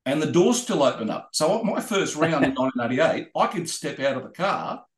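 An Australian man, a guest racer, telling rambling, animated anecdotes in a podcast interview. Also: fairly high pitch, a little fast, reverberant. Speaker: guest racing driver.

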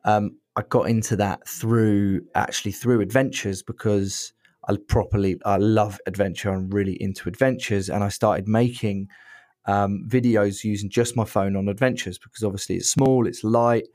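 A man's voice: on the low side, steady tone, normal speed, darkish tone, no room sound, clean studio sound. A man, a podcast guest talking casually and joking into a desk mic. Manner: joking, chatty, says "mate" a lot. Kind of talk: casual chat. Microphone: desk mic in a cradle.

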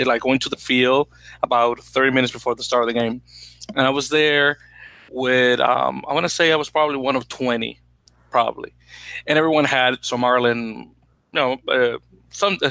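A man co-hosting a podcast, rambling through an animated story with lots of fillers and restarts, a native Spanish speaker. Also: mid-range voice, vocal fry, no room sound, poor audio. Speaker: podcast co-host. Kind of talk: casual chat.

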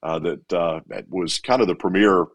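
A middle-aged man, an evangelist guest in an interview, telling his story in an animated way. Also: deep voice, moderate pace. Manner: animated, acts out quotes.

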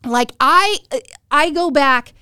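A middle-aged woman hosting a podcast and telling a story, animated and giggly, acting out the lines she quotes. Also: high-pitched, takes it slowly, dry recording, clean studio sound. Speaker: podcast host. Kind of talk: casual storytelling chat.

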